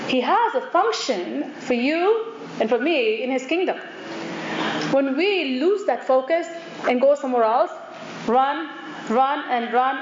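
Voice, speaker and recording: A woman with a high voice preaches a sermon. She puts questions to her listeners and acts out the voices she quotes. The recording is echoey, dull and lo-fi, with clear noise behind her.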